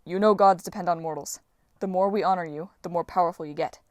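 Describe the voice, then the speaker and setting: A woman's voice: fairly low pitch, quick pace, darkish tone, no room sound, close to an everyday voice. A young male demigod hero makes his case in an earnest, persuasive voice, as a woman narrator puts him on. The reading is close-miked and dry.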